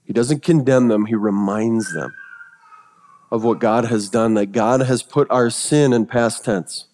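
A male pastor preaching a sermon, telling stories that swing from hushed, reverent passages to excited retellings. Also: medium pitch, unhurried, big-room sound.

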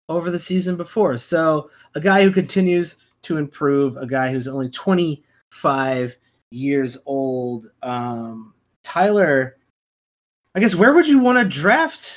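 A man's voice: fairly high pitch, expressive, unhurried. A man co-hosting a fantasy basketball podcast, talking casually and emphatically, repeating his points with plenty of fillers. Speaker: podcast co-host.

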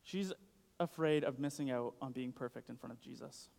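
A man's voice: medium pitch, normal speed, vocal fry, darkish tone. A young man giving a casual sermon, chatty and full of "like". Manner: chatty, uses "like" a lot. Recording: long hall reverb.

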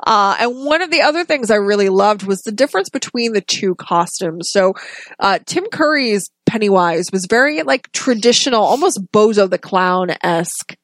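A woman's voice: mid-range voice, animated, moderate pace, no echo. A woman co-hosting a casual podcast chat about a film, talking with enthusiasm and frequent restarts. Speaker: podcast co-host.

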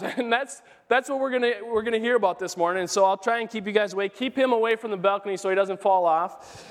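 A man preaching a sermon as pastor, telling a story with animated, emphatic rises. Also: high-pitched, fast. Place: church sanctuary. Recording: church hall with long reverb.

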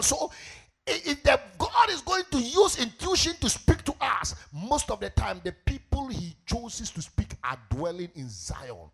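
A Ghanaian man preaching a sermon as pastor, asking the congregation questions and rising into shouted, sing-song swells. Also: very high-pitched, sing-song, a little slow, vocal fry, husky, soft background music.

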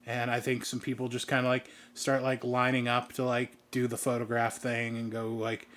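A man's voice: mid-range voice, monotone, moderate pace, few pauses, a bit bright. A man narrating a tabletop game as game master in loose, casual speech. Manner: loose, filler-heavy narration.

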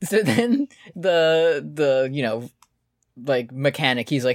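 A man's voice: on the high side, lively intonation, slow pace, dry recording, clean studio sound. A man in casual comedic chat, recapping a show and acting out quotes in silly voices. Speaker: co-host.

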